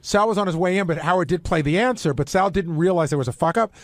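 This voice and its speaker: Male radio staffer, brisk explainer, dry close sound. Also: high-pitched, no room sound. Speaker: show staffer. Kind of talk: casual radio chat.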